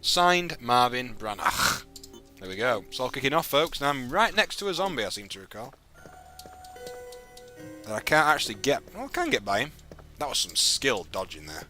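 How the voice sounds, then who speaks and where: Young brit guy streaming a game, jokey and chatty, bouncy pitch, bit of music behind. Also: fairly quick, pauses often. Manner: chatty, jokey, lively delivery. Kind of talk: live gameplay chat.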